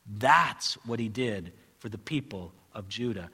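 A man preaching an expository sermon, earnest and building to loud pleading passages. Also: animated, a little slow, vocal fry, few pauses, husky. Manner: earnest, rises high and loud when acting out pleas. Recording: long hall reverb.

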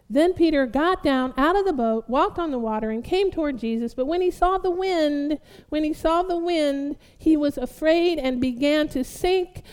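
A woman pastor preaching a sermon, building to loud, fervent exhortation and calling her listeners beloved. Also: sits high, normal speed, big-room sound.

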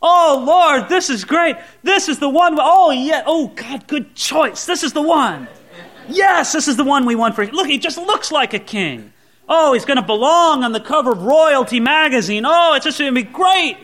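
A starstruck crowd of ancient Israelites gushing over their new king, as a preacher acts them out. The voice sits high and bright and tumbles out in breathless, gushing exclamations. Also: lively intonation, moderate pace.

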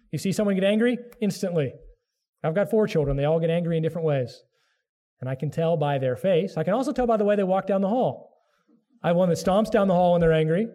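A man's voice: a little high, warm tone. A middle-aged man preaching a sermon as pastor, earnest, sometimes acting out the voices of biblical figures.

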